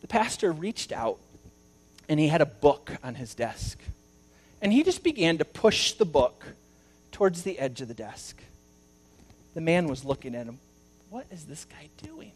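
A male pastor giving a sermon, telling a story and swinging between loud emphasis and hushed asides. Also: fairly high pitch, big pitch swings, measured pace, pauses often.

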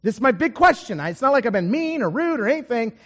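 High-voiced animated male preacher. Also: fast, long reverb tail. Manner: animated storytelling, swings between loud emphasis and quiet asides. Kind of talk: sermon.

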